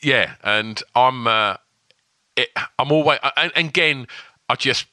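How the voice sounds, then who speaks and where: A man's voice: mid-range voice, measured pace, sharp tone, no echo. A man co-hosting a podcast in loose, rambling casual chat. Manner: loose, rambling, with many fillers. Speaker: podcast co-host.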